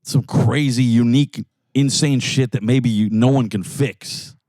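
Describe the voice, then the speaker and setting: A man from New York co-hosting a casual podcast, animated and swearing constantly while joking in a car. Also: medium pitch, a little slow, no echo, studio quality. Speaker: podcast co-host. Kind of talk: casual profane banter in a car. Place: in a jeep.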